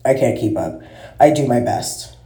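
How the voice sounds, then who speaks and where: A woman's voice: extremely low pitch, animated, moderate pace, warm tone. A woman vlogger in a casual monologue, ranting with heavy swearing and exasperation. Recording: roomy echo.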